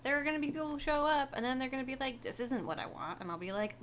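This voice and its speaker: A woman's voice: high voice, animated, racing, a bit bright, soft background music. A woman co-hosting a livestream, chatting casually, laughing often and restarting her sentences. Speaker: livestream co-host. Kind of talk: casual chat.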